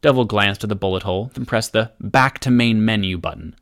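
A man narrating an action story aloud as an audiobook reader, in a steady, measured way. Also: on the low side. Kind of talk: scripted narration.

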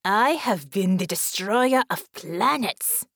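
A towering alien warlady snarls her threats in a low, harsh growl, as a woman reader puts her on. She is savage and boastful, a villain from an audiobook. The sound is dry and close. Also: big pitch swings, unhurried, slightly rough, no echo, full character voice. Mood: menacing.

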